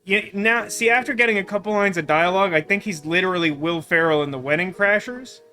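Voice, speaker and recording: A man's voice: sits high, a little fast, sharp tone, soft background music. A man hosting a let's play, chatting casually and rambling with lots of fillers while he plays. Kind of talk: casual gameplay commentary.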